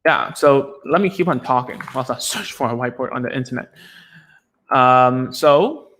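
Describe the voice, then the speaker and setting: A man's voice: medium pitch, normal speed, fairly bright tone. Guy speech therapist chatting thru a live lesson, laughs at himself, lots of um and like. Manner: chatty, self-deprecating, many fillers and restarts. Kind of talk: casual live teaching Q&A.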